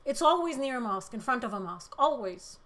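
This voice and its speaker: A woman hosting a political livestream, reading chat comments and speaking with emotion, close to tears, shifting between loud outbursts and quiet moments. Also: a little high, lively intonation, quick pace. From Middle East.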